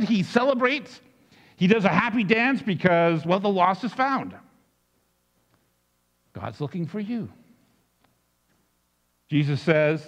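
A man preaching a sermon, telling the story in an animated way with frequent restarts. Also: high voice, long reverb tail, lo-fi sound. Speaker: pastor.

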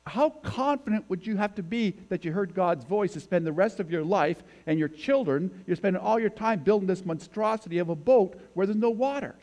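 A man's voice: high voice, animated, fairly quick, few pauses, darkish tone. A man giving a sermon as a guest preacher, talking in a conversational way and putting questions to the congregation. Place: church sanctuary.

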